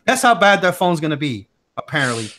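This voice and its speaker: A man's voice: fairly high pitch, sing-song, brisk, bright, forceful tone. A man hosting a tech livestream, chatting casually in slang and telling a story with lots of fillers and animation. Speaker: tech channel host.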